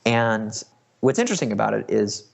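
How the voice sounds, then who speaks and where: A man's voice: fairly low pitch, sing-song, fairly quick, creaky. A man in his thirties, a podcast host, telling a personal story in a conversational way with many fillers and restarts.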